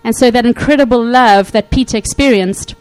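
A woman preaching a sermon in a fairly high voice. She is animated and acts out scripture scenes. She checks in with her listeners as she goes. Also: fairly quick, poor audio. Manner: animated, acts out quotes, frequent "okay?" check-ins.

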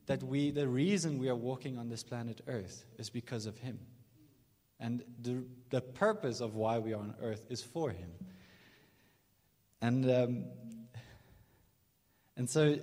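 A man's voice: mid-range voice, darkish tone. A man preaching a sermon, earnest and emphatic, at a morning church service. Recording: long reverb of a large hall.

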